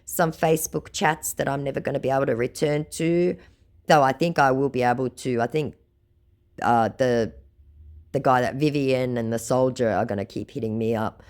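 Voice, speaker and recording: A woman's voice: a bass voice, fairly even intonation, moderate pace, darkish tone. A woman hosting a scam-baiting video, reading out chat logs with sarcastic, mocking narration. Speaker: scam-baiting channel host.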